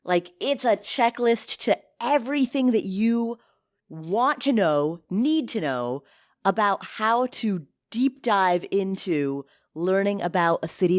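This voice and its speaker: A woman hosting a podcast in casual, upbeat chat, emphatic and quick to laugh. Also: mid-range voice, darkish tone. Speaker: podcast host.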